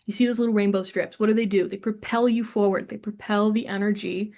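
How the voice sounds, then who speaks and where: A woman's voice: mid-range voice, fairly even intonation, fast, gravelly, darkish tone. Chatty young woman teaching singing. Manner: chatty and playful, breaks into sung examples. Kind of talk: casual online singing lesson. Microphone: studio microphone.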